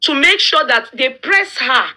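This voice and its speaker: A Nigerian woman with a fairly high, bright voice argues in a heated opinion chat. She speaks emphatically and presses pointed questions. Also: animated, measured pace.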